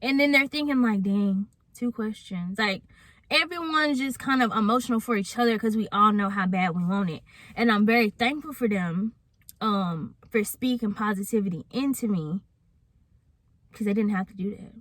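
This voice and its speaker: A woman's voice: medium pitch, moderate pace, a bit bright, no echo. A young adult woman telling a personal story in a casual, candid vlog, chatting straight to her viewers. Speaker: vlogger.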